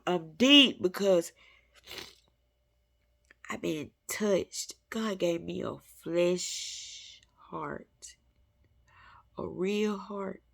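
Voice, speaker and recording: A woman's voice: medium pitch, creaky, a bit bright. A woman talking heartfelt and intimately to her viewers about faith and spirit, earnest and emotional. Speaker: spiritual vlogger.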